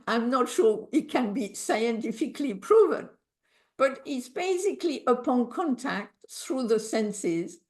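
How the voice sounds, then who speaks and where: A woman with a French accent teaches meditation to an online group, working through ideas aloud with small slips in her English. Her voice sits somewhat high and moves at an unhurried pace. She sounds like she is talking into a video call. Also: darkish tone. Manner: reflective, thinking aloud, slips in English grammar.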